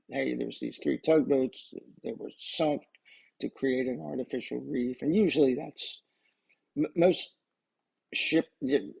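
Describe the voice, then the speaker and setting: Very gravelly, husky older man. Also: medium pitch, a little mellow, low-quality recording. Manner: rambling, with frequent restarts and asides. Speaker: storyteller recording memories for his grandchildren. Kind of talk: casual personal storytelling.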